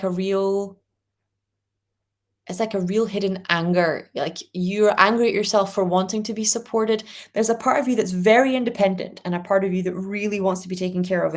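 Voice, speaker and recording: A woman hosting a live spiritual reading, gently reassuring viewers and reading out their comments. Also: medium pitch. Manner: reads viewer comments aloud. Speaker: angel reading host.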